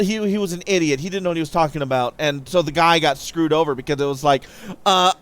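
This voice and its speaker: A man's voice: a little high, quick pace, fairly bright tone, smooth. A young man chatting casually on a live game stream, rambling through stories and thanking viewers as he goes. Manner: rambling storyteller who thanks viewers mid-story.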